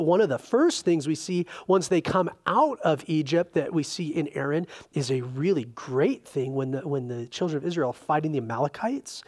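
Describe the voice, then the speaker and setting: A man leads a Bible study from the pulpit and tells the old stories as if he were chatting with friends. His voice sits a little higher than most men's. He keeps his teaching loose, friendly and animated. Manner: chatty and informal, retelling scripture with animated asides. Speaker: pastor.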